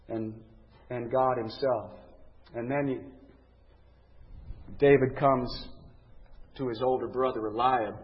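High-voiced preacher in an echoing hall. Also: male voice. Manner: dramatic, swings from loud emphatic to quiet. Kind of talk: sermon. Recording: dull audio in a reverberant hall.

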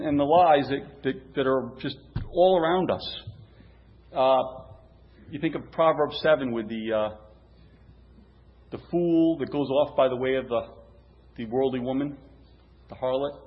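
A man's voice: medium pitch, a little slow, pauses often. A man preaching a sermon in a conversational way, asking rhetorical questions and restarting phrases. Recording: roomy, dull, lo-fi with faint hum.

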